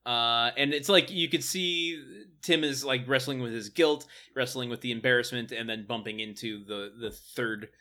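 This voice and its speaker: Wry man, bright voice. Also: mid-range voice, normal speed, few pauses. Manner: wry, critiquing, laughs often. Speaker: podcast co-host. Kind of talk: casual chat recapping a sitcom episode.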